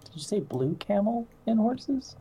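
A woman's voice: mid-range voice, sing-song, unhurried, mellow, breathy edge, muffled recording. A woman playing in a tabletop game, chatting playfully and laughing often. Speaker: player. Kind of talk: casual tabletop chat.

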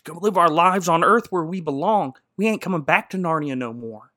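A man voicing a sulky young high king. He talks in loose, slangy phrases, a shade lower than usual. The voice has a bright, tense edge. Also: lively intonation, a little fast, no room sound, clean studio sound. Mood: resigned. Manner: casual, slangy, resigned.

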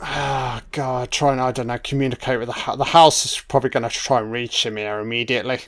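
A man's voice: mid-range voice, fairly even intonation, fairly quick, fairly bright tone. A man giving a live, profanity-laced reaction commentary over a film, talking back at the characters on screen.

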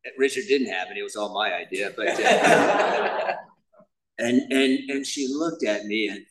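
A man's voice: mid-range voice, expressive, unhurried, a bit bright, recorded from a distance, low-quality recording. A man speaking at a recovery meeting, telling his personal story in a casual, self-deprecating way, sprinkled with "man" and "you know". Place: meeting room.

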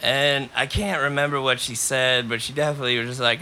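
A man hosting a podcast who tells a long, rambling story in a casual, animated way and coughs between lines. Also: medium pitch, fairly quick, hardly any pauses. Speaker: podcast host.

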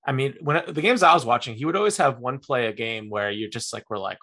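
A man's voice: mid-range voice, fast talker, bright, forceful tone. A man hosting a podcast, chatting casually and easily about basketball and football picks. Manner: easygoing, chatty fan talk. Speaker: podcast host. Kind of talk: casual sports chat.

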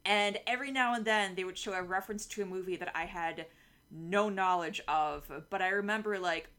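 A woman in her thirties chats as co-host of a podcast. Her voice is bright and forward, and she giggles easily and fills her sentences with "like". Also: mid-range voice, fairly quick, clean tone. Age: 30s. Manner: giggly, chatty, lots of "like". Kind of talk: casual chat.

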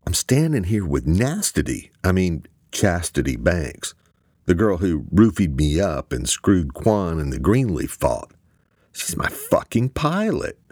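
A man's voice: low-pitched, very animated, unhurried, a little mellow, husky, no echo, pitched above the performer's own voice, exaggerated voice. A man doing a crude, smart-mouthed young agent, voice pushed up and bouncing. He drips sarcasm. Dry, close sound. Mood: outraged.

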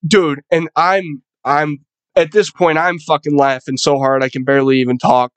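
A man's voice: fairly high pitch, normal speed, no room sound. A young man hosting a podcast, telling a rambling, profanity-laced story in a loose, casual monologue. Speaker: podcast host.

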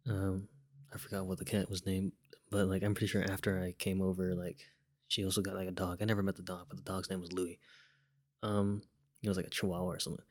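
A man's voice: deep voice, level tone, fast talker, a little mellow, no echo, studio quality. Laid-back young man rambling through a story. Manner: rambling, full of fillers and restarts; laid-back, chuckles now and then. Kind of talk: casual personal storytelling.

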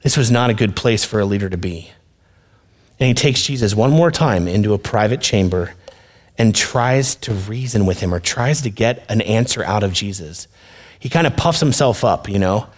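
A man's voice: lowish voice, animated, moderate pace. A male pastor preaching a sermon in an earnest, conversational way, speaking directly to his listeners.

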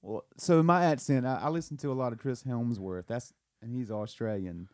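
A man's voice: mid-range voice, normal speed, a little mellow, no echo, studio quality. A man chatting casually with friends, laughing often and trying out impressions. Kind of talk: casual chat.

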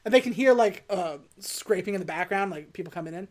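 A woman's voice: lowish voice, fast. A woman casually recapping a movie on a podcast, quoting the characters and laughing as she talks. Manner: animated retelling, quotes characters, laughs while talking. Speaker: podcast co-host recapping a film. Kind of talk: casual chat.

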